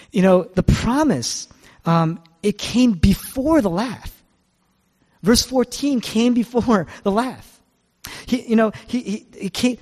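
A man's voice: high-pitched, a little mellow, in a large hall. A male pastor preaching a sermon, asking rhetorical questions and repeating his key phrases.

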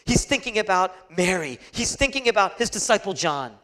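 A man preaching a sermon, swinging between hushed, whispered passages and loud, emphatic peaks. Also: high-pitched, very animated, moderate pace.

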